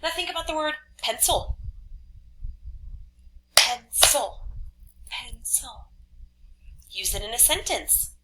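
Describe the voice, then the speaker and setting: Bright, upbeat woman teaching kids. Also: high voice, very animated, slight background noise, low-quality recording. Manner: upbeat, speaks slowly and clearly to children. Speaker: third grade teacher. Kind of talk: online class lesson video.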